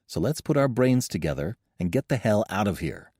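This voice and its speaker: A man voicing a young male adventurer, sarcastic and joking, keeping steady in danger. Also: lowish voice, brisk, husky, no echo, studio quality, exaggerated voice. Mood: urgent.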